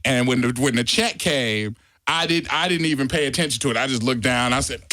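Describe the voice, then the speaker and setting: A man in a radio studio, telling a story in casual chat and acting out quotes with loud bursts. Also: mid-range voice, a little fast, slight background noise. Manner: animated storyteller, acts out quotes loudly. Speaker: radio DJ guest.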